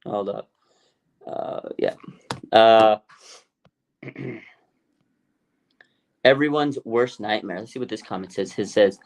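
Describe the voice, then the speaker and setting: A man's voice: lowish voice, slow pace, long pauses. A man hosting a casual sports livestream, often laughing and mocking rumors while reading out chat comments. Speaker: sports show host. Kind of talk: casual live-stream commentary.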